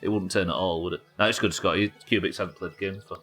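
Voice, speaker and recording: A man's voice: low voice, fairly even intonation, fast, sharp tone, soft background music. A man from England, streaming a game live and thinking aloud as he chats with viewers. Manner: muttering to himself, thinking aloud. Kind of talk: live gameplay commentary.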